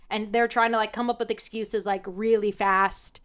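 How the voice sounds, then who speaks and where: A woman's voice: mid-range voice, steady tone, brisk, few pauses, a bit bright. A woman in a casual podcast chat who recaps a reality show and acts out the lines she quotes. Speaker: podcast correspondent.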